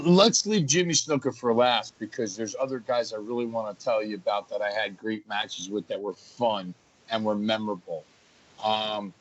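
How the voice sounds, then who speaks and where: A man, a wrestler, telling stories from the ring as a guest in an energetic, animated way. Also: medium pitch. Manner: energetic, acts out ring action. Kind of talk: animated storytelling. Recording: lo-fi muffled audio.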